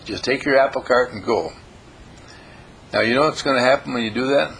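An older man teaches a small group in a homespun, folksy way, his voice sitting at an ordinary middle pitch. He talks informally and lightens his points with playful quoted voices. A faint hiss runs underneath. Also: a little fast, vocal fry, a bit bright, poor audio. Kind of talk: informal motivational talk.

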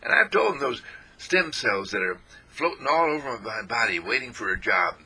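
Man, inspirational radio speaker, raspy, bright tone, swinging pitch. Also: moderate pace. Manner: animated and playful, repeats affirmations.

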